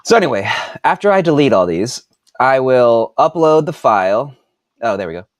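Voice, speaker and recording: A man's voice: medium pitch, sing-song, normal speed, no echo, clean studio sound. A man in his forties chatting casually on a live stream, rambling and muttering to himself as he works on a computer, swearing freely. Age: 40s. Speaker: author and podcast host. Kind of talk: casual live-stream chat while working.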